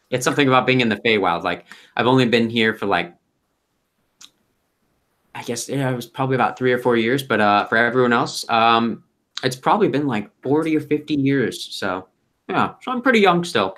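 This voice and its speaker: A man's voice: medium pitch, expressive, normal speed, a bit bright, lightly acted. A man voicing an easygoing young fey who lives alone in a tower, rambling and hesitant with lots of fillers. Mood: laid-back. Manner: rambling, hesitant, laid-back.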